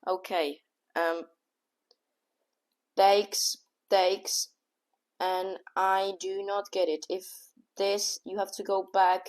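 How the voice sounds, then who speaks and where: A woman giving casual, excitable running commentary on her own chess game, thinking aloud move by move and often scolding herself. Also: mid-range voice, very slow, long pauses. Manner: casual slang, says "bro" and "oh my god". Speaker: chess streamer.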